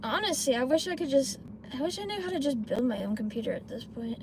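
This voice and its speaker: A woman's voice: high-pitched, very animated, fast. Woman, young adult, casual streamer, parked car, swearing rant, faint noise. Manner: ranting, swearing, chatting to viewers. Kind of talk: casual live-stream chat.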